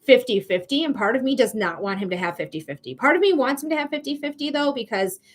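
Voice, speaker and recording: A woman with a somewhat high-pitched voice hosts a live-streamed psychic reading. She talks in a casual, emphatic way, swears freely, and addresses her viewers directly. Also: expressive, quick pace. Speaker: psychic reader.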